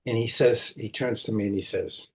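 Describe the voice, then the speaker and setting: An older man, a psychotherapist being interviewed, recounting a personal story in an unhurried way and acting out the words of others. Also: on the low side, fairly even intonation, rough recording. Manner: unhurried storytelling, acts out quoted speech.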